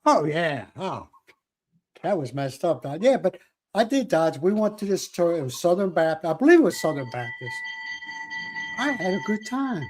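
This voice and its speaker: A man chats casually on a livestream, his voice sitting a little high. He talks in an animated way, repeats phrases and laughs often as he answers viewers. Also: normal speed. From South Philadelphia. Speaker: livestream host. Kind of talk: casual live chat with viewers.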